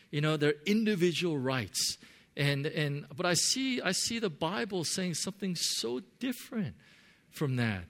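A man's voice: on the high side, vocal fry. A man preaching a sermon to his congregation, earnest, often repeating words as he searches for phrasing. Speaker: pastor.

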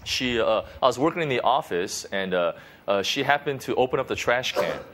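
A man gives a relaxed devotional talk in his ordinary speaking voice, sitting at a middle pitch. His delivery is loose and conversational, full of restarts, "you know" and quick "right?" check-ins with his listeners. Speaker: pastor. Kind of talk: informal devotional teaching.

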